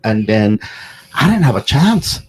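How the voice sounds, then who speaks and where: A man's voice: fairly low pitch, very animated, unhurried, husky, low-quality recording. A man hosting a podcast, telling stories in a loose, profane, casual way with plenty of fillers. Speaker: podcast host.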